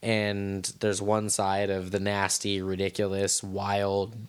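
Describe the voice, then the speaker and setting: A man's voice: on the low side, completely flat delivery, takes it slowly, clear, resonant tone. A man co-hosting a casual podcast chat, rambling loosely and laughing easily. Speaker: podcast co-host.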